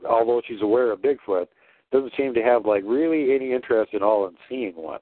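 A man's voice: mid-range voice, a little fast, dry recording. A man hosting a casual call-in chat, making dry, teasing remarks. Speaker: host. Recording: tinny dry phone line.

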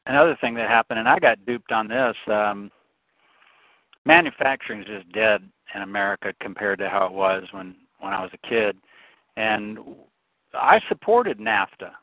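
A man's voice: on the low side, animated, normal speed, no room sound. Impassioned man ranting over a tinny line. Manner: impassioned, storytelling, frequent restarts. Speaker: talk show co-host. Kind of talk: opinionated political rant. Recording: tinny phone-like, dry sound.

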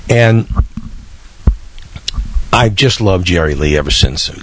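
A man's voice: deep voice, animated, takes it slowly, slight background noise. A man, hosting a podcast in a rambling, chatty way with small laughs. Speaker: podcast host. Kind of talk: casual radio-style podcast hosting.

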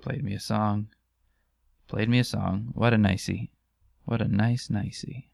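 A man's voice: fairly low pitch, steady tone, a little slow, creaky, darkish tone, faint music behind. A man hosting a podcast in casual chat, rambling, jokey and crude. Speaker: podcast host.

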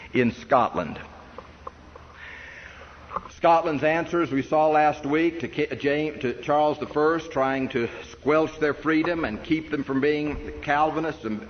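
A man preaching an earnest history sermon to a congregation, emphatic and posing rhetorical questions. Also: medium pitch. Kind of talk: sermon lecture on church history. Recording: dull reverberant hall recording with faint noise.

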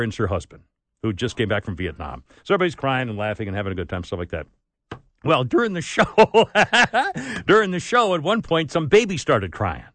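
A man in his sixties hosting a radio talk show, telling rambling stories and giving away tickets with quick laughs. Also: a little high, fairly bright tone, dry recording. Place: radio studio. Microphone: studio microphone.

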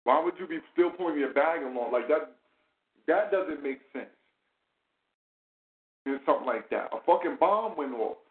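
A man hosting a casual commentary chat, animated and profane, full of rhetorical questions. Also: on the high side, moderate pace, long pauses. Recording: tinny phone-like sound in an echoey room.

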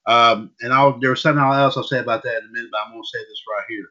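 Man, podcast host, rambling, bright tense voice. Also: medium pitch, steady tone, fast. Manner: rambling, repeats himself. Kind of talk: casual wrestling news chat. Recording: dull lo-fi audio.

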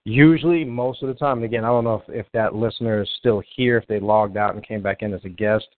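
A man's voice: fairly low pitch, fairly even intonation, quick pace. A man hosting a live call-in show in a casual, rambling way, often restarting as he tries to reach callers. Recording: tinny phone-line sound, dry.

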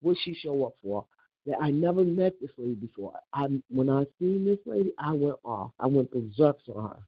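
An older woman on a casual phone call, telling an animated, indignant story and acting out the back-and-forth of what was said. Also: rumbling low, normal speed, breathy edge, no room sound. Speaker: caller.

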